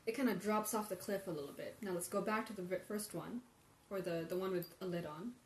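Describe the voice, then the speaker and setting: A woman's voice: mid-range voice, a little fast, a little hiss or hum. A woman hosting a live tea tasting, thinking aloud as she compares infusions and answers viewer questions. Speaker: tea livestream host. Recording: roomy livestream audio with faint ambience.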